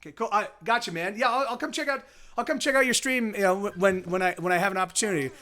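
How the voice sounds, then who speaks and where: A musician streams live from his home setup in Austin, chatting casually in a high, bright, forceful voice and talking fast. He rambles with many restarts, curses, and greets his viewers.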